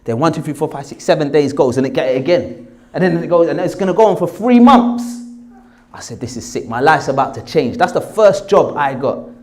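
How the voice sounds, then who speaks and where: A man's voice: fairly high pitch, a little fast. A man in his forties with a South London accent, an actor telling a story about his past and acting out the people in it. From England. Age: 40s. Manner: animated, acts out the people he quotes. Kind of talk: storytelling anecdote.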